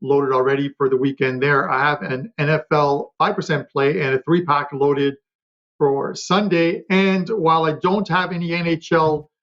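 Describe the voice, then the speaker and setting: A man on a betting panel, chatting quickly about his picks with lots of fillers and restarts. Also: a little high, steady tone, fairly bright tone, dull audio. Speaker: sports betting handicapper. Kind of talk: casual panel talk.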